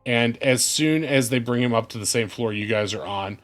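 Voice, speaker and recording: A man's voice: mid-range voice, normal speed, fairly bright tone, soft background music. A man narrating a tabletop game as game master, loosely and with many fillers.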